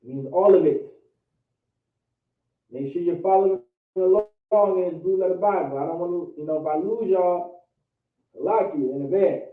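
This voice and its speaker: A man with a high voice and an American accent teaches a class over an online call, drilling vocabulary and pronunciation by repeating each word again and again. He speaks at normal speed with long pauses, and the call audio is tinny, echoey, and distant.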